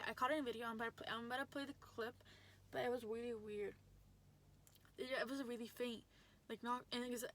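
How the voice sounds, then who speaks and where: A young woman talks straight to her audience, rambling through a story with plenty of fillers and excited bursts. Her voice sits a little high, and she keeps it casual and quick to react. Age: young adult. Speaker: vlogger.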